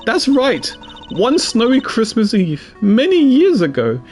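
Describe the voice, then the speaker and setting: A man putting on a dainty young woman with a sweet, polite way of speaking and a high, soft falsetto. her voice swings up and down with lively, playful pitch. faint game music hums underneath. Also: takes it slowly, full character voice. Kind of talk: reading game dialogue aloud.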